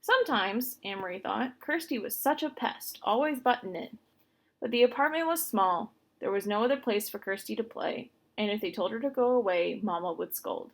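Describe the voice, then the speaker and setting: Gravelly-voiced woman reading a storybook. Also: medium pitch, lively intonation, normal speed. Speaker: reader. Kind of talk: storybook read-aloud.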